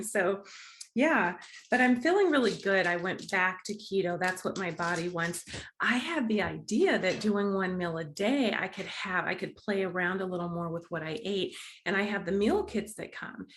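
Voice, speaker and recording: A woman's voice: medium pitch, animated, moderate pace. Bubbly, chatty woman vlogging. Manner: chatty and bubbly, laughs often, restarts sentences. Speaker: vlogger, host of a diet challenge series. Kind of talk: casual chat to camera.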